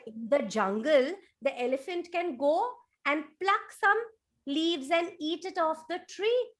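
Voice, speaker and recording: A woman telling a story to toddlers over a video call, animated and sing-song. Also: high-pitched, measured pace. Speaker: children's storyteller.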